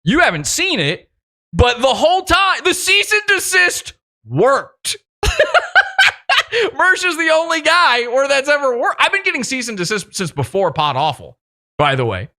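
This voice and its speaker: A man's voice: very high voice, very animated, moderate pace, pushed and bright. A man hosting a podcast interview, mocking and profane, laughing often as he talks. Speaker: podcast host. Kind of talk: casual interview.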